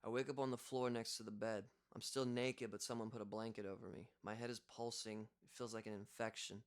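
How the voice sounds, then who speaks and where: A man's voice: on the low side, level tone, a little fast. A young man reading a first-person audiobook in a casual, conversational way. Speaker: audiobook reader.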